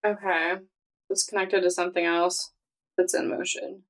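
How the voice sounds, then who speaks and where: A woman playing a tabletop role-playing game, chatting casually and reacting quickly to the others. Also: lowish voice, flat delivery, low-quality recording. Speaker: player.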